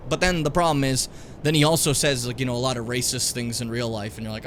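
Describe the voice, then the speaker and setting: A man's voice: medium pitch, steady tone, fast talker, a bit bright, a little hiss or hum. A young man from Edmonton, Canada, rambling and joking as he plays a video game, swearing often. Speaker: streamer. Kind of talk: casual gameplay commentary.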